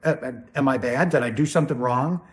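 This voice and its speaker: A jealous, furious wife played by a man fires off accusing questions in a raised, high voice. She sounds loud and hurt. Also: fast talker, natural voice. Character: angry jealous wife demanding intimacy.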